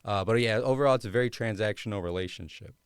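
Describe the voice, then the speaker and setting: A man's voice: on the low side, quick pace, clear, resonant tone, dry recording, clean studio sound. A young man hosting a podcast, telling his personal story in a casual, slangy way with lots of fillers. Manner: laid-back, slangy, many fillers. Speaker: podcast host.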